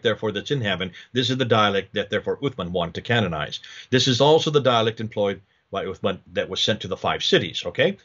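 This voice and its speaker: A man's voice: lowish voice, fairly bright tone, dull audio. A man giving a slide lecture, explaining in detail, asking rhetorical questions and restarting his sentences often.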